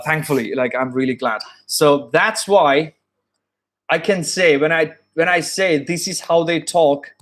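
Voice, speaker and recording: Man, British-influenced accent, fairly high voice, earnest, repeats himself, casual live-stream host. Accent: British-influenced English. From born in Saudi Arabia, studied in India. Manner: earnest, repeats and restates points, many fillers.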